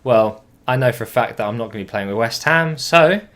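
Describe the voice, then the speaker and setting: A young man commentating on his own football video game match, casual and chatty, with swearing and sudden excited outbursts. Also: medium pitch, brisk. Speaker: gaming commentator.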